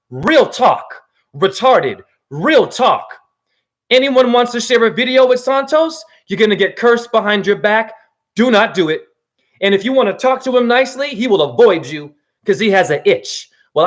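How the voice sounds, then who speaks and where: A man's voice: high-pitched, fairly bright tone. A man in his forties delivering an angry, accusatory video rant as a self-styled spiritual teacher, swearing freely. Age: 40s. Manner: angry, accusatory, emphatic ranting with profanity. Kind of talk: ranting video monologue.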